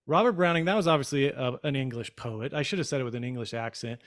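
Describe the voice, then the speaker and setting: A man co-hosting a financial podcast, chatting casually, then reading quotes slowly and signing off in an upbeat tone. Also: medium pitch. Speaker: podcast co-host. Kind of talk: casual podcast chat and scripted sign-off.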